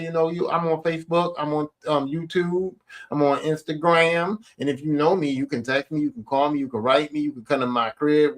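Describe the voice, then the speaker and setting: A man's voice: fairly high pitch, a bit bright. A middle-aged man hosting his own podcast, talking in a blunt, rambling way and swearing casually. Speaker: podcast host. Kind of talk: casual solo podcast monologue.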